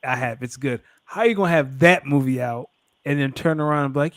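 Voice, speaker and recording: A man's voice: mid-range voice, brisk, fairly bright tone, dry recording. A man co-hosting a casual podcast, trading wry jokes in easy banter. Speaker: podcast co-host. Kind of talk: casual sports and culture chat.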